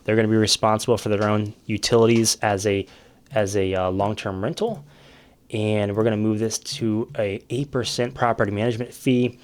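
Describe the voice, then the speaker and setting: A man with a fairly low voice explains rental property numbers in a relaxed, conversational way. He thinks aloud as he works through a calculator, with loose fillers and restarts. Now and then he stops to cough. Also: moderate pace. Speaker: realtor explaining rental investing. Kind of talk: casual screen-share explainer.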